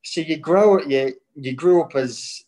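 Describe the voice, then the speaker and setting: A man's voice: fairly high pitch, takes it slowly, darkish tone, poor audio. A young man from Australia, a national team footballer, with a Scouse-like Irish-Australian accent, chatting casually in an interview and rambling through restarts as he gets spirited. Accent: Irish-Australian mix, Scouse-like.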